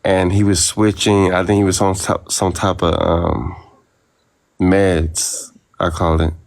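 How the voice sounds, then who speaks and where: A man on a livestream, telling gossip in a slow, meandering way. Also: deep voice, little pitch movement, gravelly, a little mellow.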